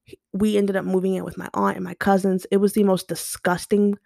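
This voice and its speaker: In an unscripted personal monologue, a young podcast host talks bluntly and emotionally about her past, swearing a lot. Her mid-range voice is level, brisk, creaky and a little mellow, captured dry and clean on a home podcast mic.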